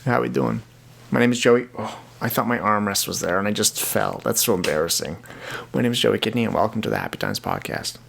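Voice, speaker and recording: A man's voice: lowish voice, expressive, a little fast, gravelly, a bit bright, faint music behind. A young man hosting his own podcast, talking alone in an earnest, rambling way and often repeating words as he restarts. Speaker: podcast host. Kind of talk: casual solo podcast monologue.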